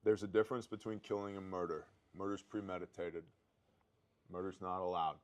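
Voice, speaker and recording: Blunt, low-voiced man telling stories. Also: a little fast. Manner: blunt, profane, animated storyteller. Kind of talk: casual storytelling chat.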